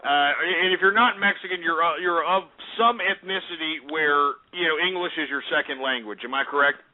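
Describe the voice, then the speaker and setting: A man's voice: fairly high pitch, brisk, a loud crowd. A man hosting a call-in radio show, brash and mocking, rambling between calls. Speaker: radio host. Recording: phone-like radio sound with faint music.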